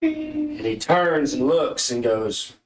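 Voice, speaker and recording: A man's voice: on the high side, huge pitch swings, takes it slowly. A man narrating as dungeon master, theatrical, often restarting his sentences. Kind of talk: narrating a tabletop game. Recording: roomy echo.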